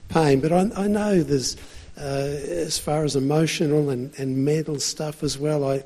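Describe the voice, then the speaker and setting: A man's voice: on the high side, fairly even intonation, unhurried, mellow, long reverb tail. A man preaching a sermon in a loose, conversational way, full of fillers and restarts.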